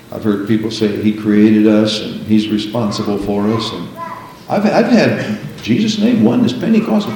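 An older man preaching a sermon, breaking into drawn-out, half-sung prayers and praises between his teaching. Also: fairly low pitch, mellow, very echoey, a little hiss or hum, low-quality recording.

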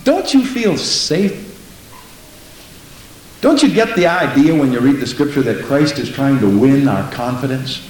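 A man's voice: lively intonation, a little slow, pauses often. Preacher man in a very echoey room. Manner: emphatic, repeats "Praise the Lord", big pitch swings. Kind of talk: sermon with storytelling. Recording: very echoey room with faint hiss.

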